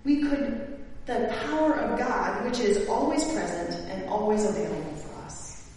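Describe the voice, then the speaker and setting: Woman preaching slowly in an echoey hall. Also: a little high, lively intonation, a little mellow, slight background noise. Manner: slow, emphatic, rising to exclaim. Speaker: pastor. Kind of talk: sermon. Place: church sanctuary. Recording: echoey church hall from far off.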